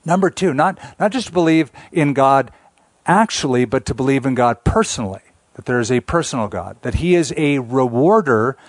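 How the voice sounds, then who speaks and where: A middle-aged man, a pastor, preaching a sermon in an earnest way, slowing down to stress key points. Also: medium pitch, lively intonation, no room sound. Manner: earnest preaching, slows down for emphasis, small restarts.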